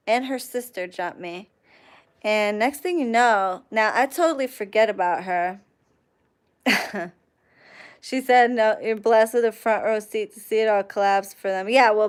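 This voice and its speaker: A young woman hosting a casual livestream, telling a profane, animated story and thanking chat viewers along the way. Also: mid-range voice, smooth. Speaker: livestream host.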